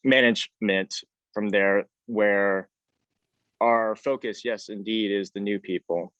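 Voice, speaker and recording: A young man in his late teens, a high school student band leader, speaking hesitantly on an online panel, losing his train of thought and getting emotional. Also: steady tone, takes it slowly, a bit bright, no room sound. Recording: dull, dry lo-fi audio.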